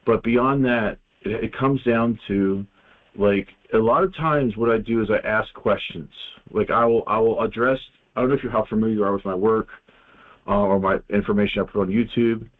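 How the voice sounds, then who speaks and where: A man's voice: fairly low pitch, fairly even intonation, normal speed. A man talking casually as an interview guest, rambling with many restarts and fillers. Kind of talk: casual phone-in interview talk. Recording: tinny phone line.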